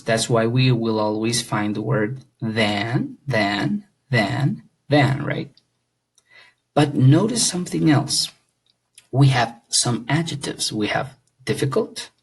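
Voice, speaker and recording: A man's voice: medium pitch, gravelly, husky, poor audio. A man teaching an English grammar lesson, explaining patiently and checking understanding with questions.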